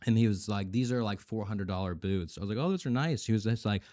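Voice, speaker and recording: A man's voice: lowish voice, steady tone, quick pace, warm tone, no echo, clean studio sound. A young man on a podcast telling a long story in casual chat, acting out the voices of the people in it, swearing and laughing often. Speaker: podcast guest.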